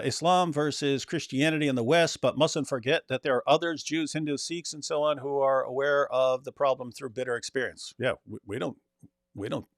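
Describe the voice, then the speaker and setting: A man's voice: mid-range voice, creaky, no echo, clean studio sound. A man co-hosting a casual political chat, loose and talkative, laughing often and slipping into mocking voices. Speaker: co-host.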